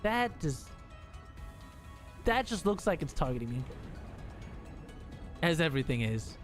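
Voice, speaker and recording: High-voiced excitable male streamer. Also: a little slow, faint music behind. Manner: excitable, swearing, laughing chatter. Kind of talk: casual gameplay commentary.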